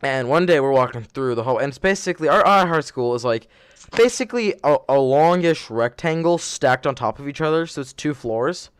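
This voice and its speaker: A man's voice: a little high, animated, fairly quick, smooth, no echo, clean studio sound. A young man hosting a podcast, telling stories in a rambling, self-correcting way and laughing as he goes. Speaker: podcast host. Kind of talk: casual storytelling chat.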